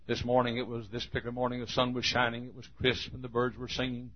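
A man preaching a sermon, telling a folksy story and building to emphatic, forceful points. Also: mid-range voice, completely flat delivery, quick pace, muffled recording.

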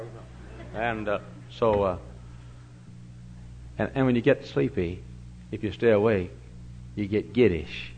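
An older man preaching a sermon in a church. He tells stories with big swings from loud to hushed. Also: lowish voice, measured pace, long pauses. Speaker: pastor. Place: church sanctuary. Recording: dull, lo-fi church recording with faint hum.

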